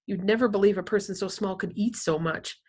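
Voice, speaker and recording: A woman reading a children's novel aloud in an expressive, lively storytelling manner. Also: medium pitch, fairly quick, breathy edge. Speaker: reader.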